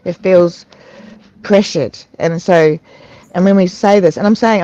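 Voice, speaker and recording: This adult speaks in a mid-range, warm voice with fairly even intonation, sharing openly at a recovery meeting. The account comes haltingly, full of restarts, fillers, and laughter. It was captured over an online video call, lo-fi and without room sound.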